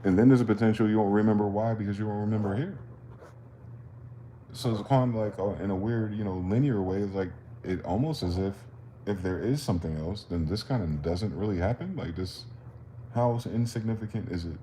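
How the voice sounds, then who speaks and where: A low-voiced man hosting a livestream rambles through a philosophical monologue in street slang, profane and full of questions. He talks briskly in a dark tone, with a slight hiss or hum in the audio.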